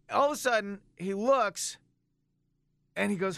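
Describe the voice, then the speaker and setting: A man with a high, bright voice tells a comic story on a talk show. He acts out the other people in it as he goes. The sound is close and dry. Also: normal speed, creaky, smooth, dry recording. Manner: animated storyteller acting out voices. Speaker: radio show co-host.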